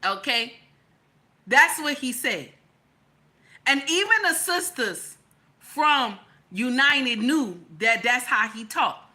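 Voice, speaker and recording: A woman's voice: high voice, sharp tone. A woman giving casual opinion commentary, colloquial and emphatic, repeating her lines for stress. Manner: colloquial, slangy.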